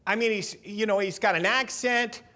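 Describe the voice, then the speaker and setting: High-voiced man telling rowdy stories. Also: normal speed. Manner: lively, profane storyteller who acts out quotes. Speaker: documentary interviewee. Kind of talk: animated anecdote storytelling.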